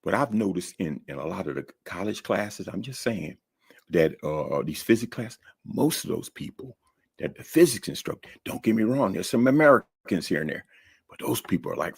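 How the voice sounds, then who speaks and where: A man's voice: deep voice, fairly bright tone, husky. A man giving casual, joking advice to new college students, often repeating words as he talks. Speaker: college advisor giving tips. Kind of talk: casual talk-to-camera advice.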